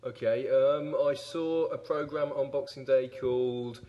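A man's voice: mid-range voice, steady tone, a little slow, warm tone, dull audio. A man co-hosting a comic casual chat, telling stories in a wry, dry way with hesitations.

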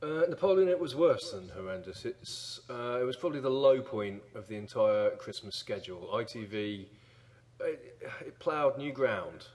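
A man's voice: mid-range voice, animated, normal speed, darkish tone, slightly rough. A man co-hosting a comic casual chat, telling stories in a wry, dry way with hesitations.

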